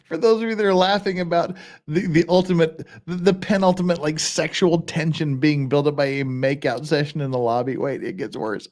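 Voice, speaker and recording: A legal commentary livestream host reads a passage aloud with mock drama, slipping into whispers and cracking up laughing. His voice is fairly high, brisk, and a bit dark in tone.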